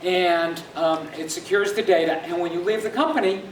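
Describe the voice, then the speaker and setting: A man telling an animated, sarcastic story at a user group meeting in an office room. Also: high-pitched, normal speed. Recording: distant echoey room, background hum.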